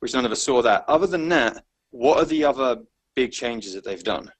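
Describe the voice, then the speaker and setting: A man hosts a casual film podcast, steering the talk with questions to his co-hosts. His voice has an ordinary pitch and an easy, conversational manner. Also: expressive, normal speed, rough recording. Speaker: podcast host. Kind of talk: leading a casual film discussion.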